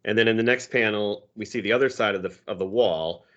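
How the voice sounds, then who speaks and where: Low-voiced easygoing male podcast host. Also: quick pace, fairly bright tone, dull audio. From Minnesota. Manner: easygoing, chuckling storyteller. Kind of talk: casual chat, reading comic strips aloud.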